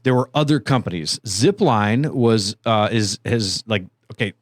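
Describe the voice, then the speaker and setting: A man co-hosting a podcast in casual comedic chat, rambling and interrupting himself with quick asides. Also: fairly low pitch, lively intonation, no echo, clean studio sound. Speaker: podcast co-host. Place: co-working space.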